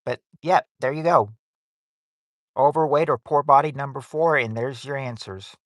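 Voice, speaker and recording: A man's voice: mid-range voice, moderate pace, no echo, clean studio sound. A man hosting a livestream game night on his phone in a casual, rambling way, reading out viewers' names and answers.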